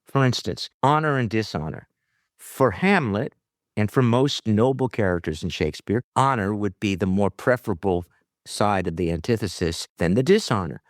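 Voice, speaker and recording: This is a man with a lively voice that rises and falls widely as he lays out his points. He speaks with the emphatic, patient manner of an acting teacher. The sound is dry and close, with no room around it. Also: fairly low pitch, normal speed, dry recording. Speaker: theater director and acting teacher. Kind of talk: interview, explaining acting technique.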